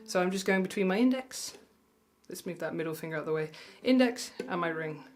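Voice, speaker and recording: A woman teaching mandolin, patient and reassuring, counting beats aloud slowly. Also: on the low side, lively intonation, soft background music. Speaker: music tutor. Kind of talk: mandolin lesson. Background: mandolin playing.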